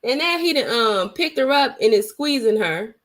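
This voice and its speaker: A woman's voice: fairly high pitch, animated, moderate pace, a bit bright. A woman vlogger telling a story in a casual, blunt and emphatic way, swearing freely and retelling it dramatically.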